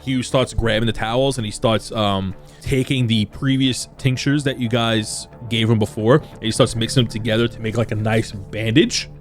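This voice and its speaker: A man's voice: medium pitch, steady tone, normal speed, hardly any pauses, soft background music. Laid-back man running a tabletop game. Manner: loose, laughing narration with fillers. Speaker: game master.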